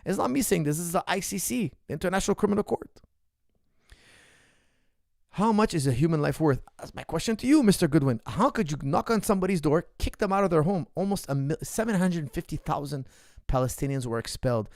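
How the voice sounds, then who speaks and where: A man's voice: a little high, lively intonation, fast talker, creaky, a little mellow. A man speaks with heated, emphatic conviction, often repeating a phrase to drive it home. His voice sits a little above the usual male range. The recording is dry and close, with no room echo. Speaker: martial arts coach answering viewer questions. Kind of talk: impassioned unscripted monologue.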